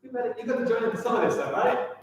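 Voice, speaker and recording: Man, playful and teasing, lively high voice; recorded at a distance in a reverberant hall. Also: very fast. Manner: joking, teasing and chuckling. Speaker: teacher doing the exercises. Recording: echoey hall from far off.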